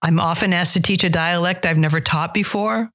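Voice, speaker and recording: Telling stories in a relaxed interview, this middle-aged woman, who coaches dialects and directs plays, often loses her thread and starts over. She speaks a little fast in a low, somewhat bright voice.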